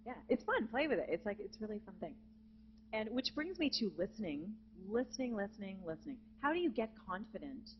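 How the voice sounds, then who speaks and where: A woman's voice: mid-range voice, muffled recording, a little hiss or hum. A woman teaching a vocal jazz masterclass, chatty and breaking into short sung phrases. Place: conference hall with live student audience.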